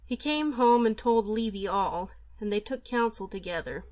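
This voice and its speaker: A woman narrating an old folk tale for an audiobook in a measured, even manner. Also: fairly high pitch, dry recording, lo-fi sound.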